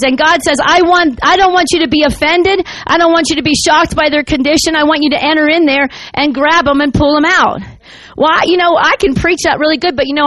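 A woman preacher telling a story in a sermon, animated and acting out the voices of the people in it. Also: a little high, dry recording. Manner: animated, acts out voices in her stories.

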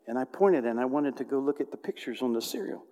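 Animated preacher in a reverberant hall. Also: male voice, mid-range voice, fast. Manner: animated, swings between loud outbursts and hushed tones. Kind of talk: storytelling sermon.

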